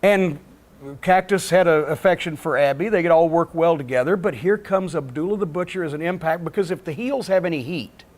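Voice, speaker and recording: A man tells behind-the-scenes stories in a podcast chat. His voice sits a bit high for a man. He rants in an emphatic, profane, rapid-fire way. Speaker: podcast guest.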